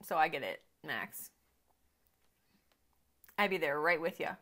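Female reaction host, casual and talkative, expressive pitch, slips into quiet murmured asides. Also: takes it slowly. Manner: chatty, thinks aloud, drops to quiet murmurs. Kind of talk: casual movie reaction commentary.

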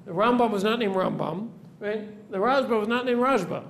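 In this classroom lecture, a rabbi's high, gravelly voice moves at a moderate pace. He builds his explanation step by step, tests the class with questions, and checks in with "right?" after nearly every point.

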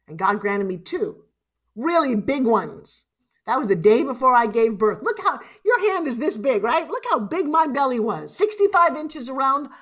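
Animated woman motivational speaker. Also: on the high side, normal speed. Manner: animated and emotional, swings from loud to hushed. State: tearful at times. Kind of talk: live motivational keynote speech.

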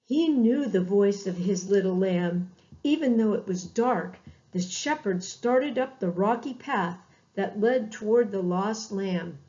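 A woman reading a children's Bible story for Sunday school, expressive and drawn out, with bleated lamb sounds. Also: mid-range voice, measured pace. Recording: dull lo-fi recording.

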